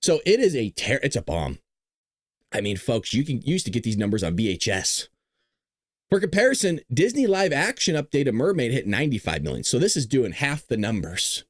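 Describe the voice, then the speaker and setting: Animated sarcastic man hosting a talk show. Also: mid-range voice, a little fast, dry recording, clean studio sound. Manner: animated, sarcastic, jokey asides. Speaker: political talk show host. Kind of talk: casual political commentary.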